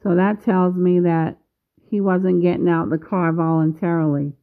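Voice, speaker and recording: A woman in her fifties talking casually to her viewers, slow and measured, pausing often. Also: fairly low pitch, little pitch movement. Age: 50s. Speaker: vlogger. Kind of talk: casual video commentary. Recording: tinny phone-like sound.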